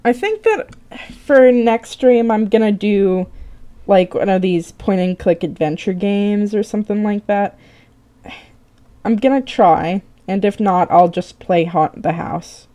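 A woman's voice: mid-range voice, lively intonation, unhurried, mellow. A tired young woman streaming live, chatting casually while she draws, rambling, swearing and poking fun at herself.

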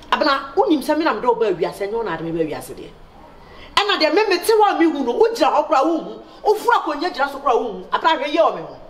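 Scolding mother played by a woman, high lively voice, echoey room, comedy sketch. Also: slight background noise. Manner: scolding, animated, laughing between words. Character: scolding mother, loud and sharp.

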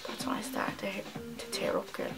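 Woman putting on a loud sweary dublin girl, gossiping to the girls, fast and brash. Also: mid-range voice, music in the background, natural voice, poor audio. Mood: gushing. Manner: sweary, rapid, loud storytelling. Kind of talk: comedy character monologue.

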